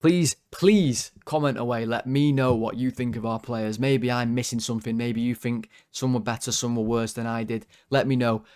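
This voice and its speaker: A young man hosting a football fan channel, ranting through player ratings, swearing, his voice jumping high when worked up. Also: steady tone, normal speed, hardly any pauses, a little mellow. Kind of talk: player ratings rant to camera.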